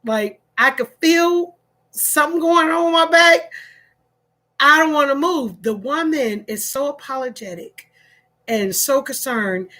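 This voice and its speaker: A middle-aged woman talks through a personal story for her vlog in an animated, casual way. She laughs often and circles back over her words. Her voice sits high and sounds bright. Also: measured pace. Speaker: vlogger.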